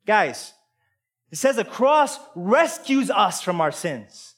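A man preaching a sermon, intense and emotional, swinging from quiet asides to loud outbursts and calling his listeners "guys" and "y'all.". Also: high voice, big pitch swings, takes it slowly.

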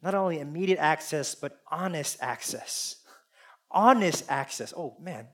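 A man preaching a sermon, earnest and confessional, swinging between loud appeals and hushed asides. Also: a little high, lively intonation, measured pace. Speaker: pastor.

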